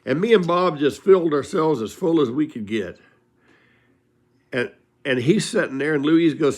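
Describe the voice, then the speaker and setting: A man's voice: fairly high pitch, expressive, moderate pace, long pauses, a little mellow. An older man from California telling rambling, folksy stories about his old buddies, chuckling as he goes. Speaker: storyteller. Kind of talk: casual spoken storytelling.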